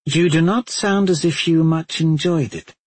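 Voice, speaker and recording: A man voicing a sharp, questioning woman warrior in an audiobook, with a raised, calm voice. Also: fairly high pitch, measured pace, slightly rough, no echo, voice pushed up. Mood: probing.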